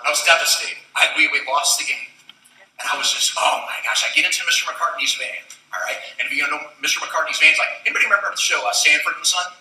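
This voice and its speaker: A man giving an energetic convention keynote, telling stories and calling on the audience to answer. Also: on the high side, quick pace. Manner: energetic, storytelling, calls for audience responses. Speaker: motivational speaker. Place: large convention hall. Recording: echoey hall, distant mic, faint noise.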